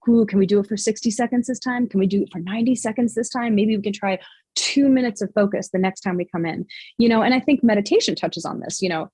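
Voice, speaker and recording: A woman fitness coach speaks as a podcast interview guest, explaining earnestly with lots of fillers and restarts. Her voice is husky and a bit breathy, sitting at an ordinary pitch. The sound is dry and close. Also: fast talker, a little mellow, no echo.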